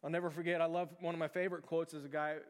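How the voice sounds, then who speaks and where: A man preaching in a church sanctuary with a voice pitched a little higher than most men. He speaks conversationally and earnestly, restarting phrases as he goes, and his voice rings out with a long reverb through the hall. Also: little pitch movement, very fast, clear, resonant tone. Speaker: pastor. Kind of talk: sermon.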